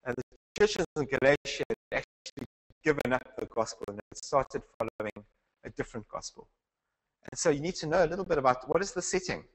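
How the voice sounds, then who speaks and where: A South African man teaches a Bible class in a conversational lecture style, asking the class questions and restarting his sentences. His medium-pitched voice moves fairly quickly, and the audio is poor.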